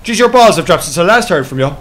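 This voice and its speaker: A man's voice: high voice, animated, fast talker, fairly bright tone, a little hiss or hum. An Irish man hosting a live farming game stream, reading out chat and slagging his friends. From Ireland. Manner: banter and slagging, reading out chat, frequent laughs. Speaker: livestream host.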